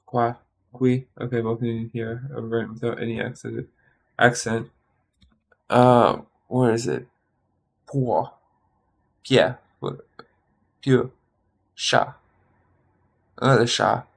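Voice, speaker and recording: A tired man studying on a stream, thinking aloud in a halting, muttering way and sounding out practice words. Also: mid-range voice, steady tone, vocal fry. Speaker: language learner streaming study.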